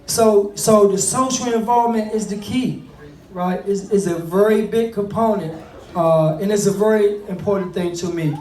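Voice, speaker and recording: A man's voice: high-pitched, normal speed, darkish tone, a little hiss or hum. A middle-aged man talks earnestly to an audience about fatherhood. He is conversational, restarting and repeating his phrases. The room is echoey and he is set back from the microphone. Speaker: speaker on fatherhood. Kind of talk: motivational talk to an audience. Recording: echoey room, mic at a distance.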